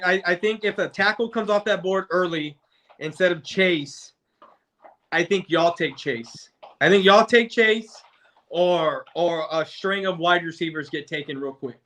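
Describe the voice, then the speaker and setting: Male fan guest, casual sports debate, somewhat high, sharp tone, rambling delivery with frequent restarts. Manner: rambling, stumbles and restarts often.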